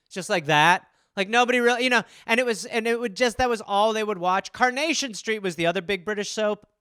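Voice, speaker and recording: Bright, rambling male comedy podcaster. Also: high voice, quick pace, clear, resonant tone, dry recording, clean studio sound. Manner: rambling, full of "like" and restarts, swearing freely. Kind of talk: casual comedic riffing.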